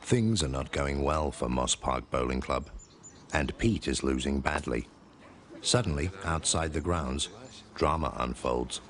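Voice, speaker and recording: A man's voice: a bass voice, unhurried, background noise. A man narrating in a mock-dramatic, solemn style.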